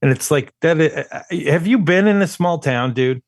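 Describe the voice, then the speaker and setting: A man's voice: on the high side, normal speed, vocal fry, dry recording, clean studio sound. A man co-hosting a movie podcast, talking casually with lots of stammering restarts as he picks apart a film. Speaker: podcast co-host. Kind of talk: casual movie review chat.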